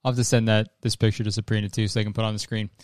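A man's voice: on the low side, little pitch movement, racing, a little mellow, no room sound, clean studio sound. A man hosting a podcast in casual, rambling chat, swearing freely and laughing often. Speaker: podcast host.

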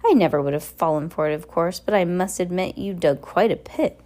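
A woman's voice: on the low side, brisk, a little mellow, close to an everyday voice. A woman voicing a scornful, vain villainous woman in an audiobook, with a mocking, sneering delivery. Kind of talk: audiobook reading.

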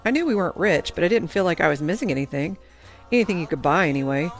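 A woman narrating a first-person story in a reflective, even-paced manner. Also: fairly low pitch, fast, soft background music. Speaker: audiobook narrator.

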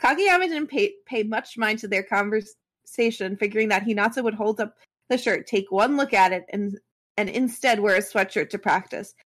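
A woman's voice: medium pitch, moderate pace. A woman reading a fan story aloud as a podcast co-host, stopping now and then for casual asides.

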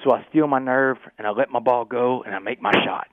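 A man telling a gripping personal story as a podcast guest, animated and peppering his talk with "man". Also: mid-range voice, no echo. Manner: fast, animated storyteller, keeps saying "man". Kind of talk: storytelling interview. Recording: tinny phone-like line.

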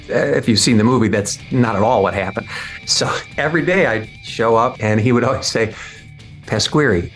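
A man telling a casual anecdote in a wry tone, laughing now and then. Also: medium pitch. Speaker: actor telling a story.

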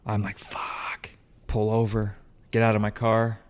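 A man with a fairly low voice tells a story in casual chat, animated and loose. He swears freely and slips into the voices of the people he quotes, keeping the talk lively and conversational. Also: moderate pace, smooth. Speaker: co-host telling a story.

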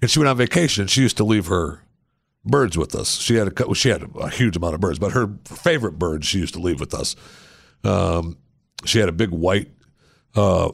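A man's voice: on the low side, creaky, no room sound, studio quality. A man hosting a podcast, telling rambling, self-mocking anecdotes in a casual way. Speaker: podcast host. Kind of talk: casual storytelling.

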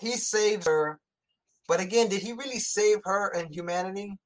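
A man casually and profanely retelling a movie plot in animated chat. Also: high voice, normal speed.

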